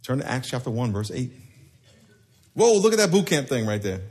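A pastor preaching a sermon in a church, talking in a playful, conversational way and leading the congregation in call-and-response. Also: male voice, mid-range voice, big pitch swings, moderate pace, a little mellow. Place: church sanctuary.

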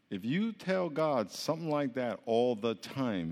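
A man preaching a sermon to his congregation in a casual, conversational way, joking with the crowd and swinging between quiet and loud. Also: medium pitch, expressive, normal speed, few pauses. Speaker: pastor. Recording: long hall reverb.

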